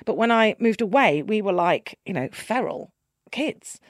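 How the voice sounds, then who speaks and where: A middle-aged woman, a guest, telling her life story candidly and emphatically, swinging between quiet and loud. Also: mid-range voice, expressive, unhurried, no room sound, studio quality. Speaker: guest, keynote speaker. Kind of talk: candid personal storytelling in conversation.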